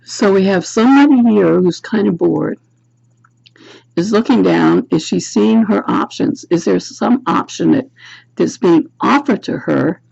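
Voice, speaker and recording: Slow gravelly woman reading tarot. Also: mid-range voice, a little mellow, highs cut off. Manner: reflective, poses questions to the viewer. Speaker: tarot reader. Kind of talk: tarot card reading to camera. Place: home room, self-recorded video. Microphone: camera's built-in mic.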